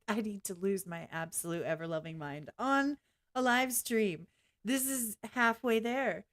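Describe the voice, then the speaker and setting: A middle-aged woman hosting a live-stream reaction, blunt and excitable, bursting into laughter often. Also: mid-range voice, unhurried.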